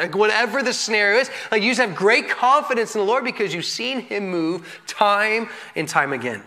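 Man, pastor, sermon, high pitch, bright tone, candid, self-deprecating, animated. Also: brisk. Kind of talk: sermon teaching.

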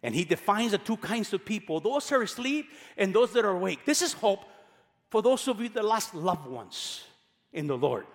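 A male pastor preaching a sermon, emphatic, repeating key phrases and swinging between loud passages and quiet ones. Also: high-pitched, big pitch swings, normal speed, big-room sound.

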